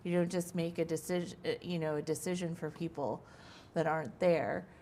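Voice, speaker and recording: A woman's voice: low voice, steady tone, a little fast, dark tone, slight background noise. A woman hosting a local talk show, conversational and agreeing as she questions her guest. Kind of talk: casual interview talk.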